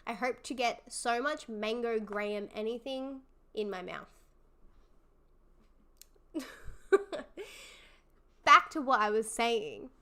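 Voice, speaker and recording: A young woman hosts a casual livestream and talks with her viewers. Her voice is bright and a little high, and she speaks slowly. She is effusive and encouraging and laughs often. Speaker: livestream host. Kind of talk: casual live chat with viewers.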